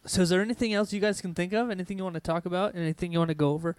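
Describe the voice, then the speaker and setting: Smooth-voiced host wrapping up a show. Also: male voice, high-pitched, steady tone, rapid-fire, darkish tone, dry recording. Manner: loose, swearing, upbeat wrap-up. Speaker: podcast host. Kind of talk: casual chat.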